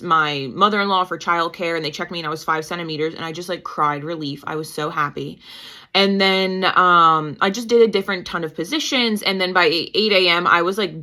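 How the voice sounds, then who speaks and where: A woman in her thirties, a midwife guest telling her story in a casual, animated way and acting out her own past lines. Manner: animated, quotes herself with pitch jumps. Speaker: guest, certified nurse-midwife and mother.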